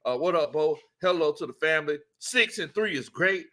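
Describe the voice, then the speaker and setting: Male stream host, higher voice, lively, laughs a lot, greets viewers by name. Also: normal speed. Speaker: sports talk host. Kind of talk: casual live-stream chat.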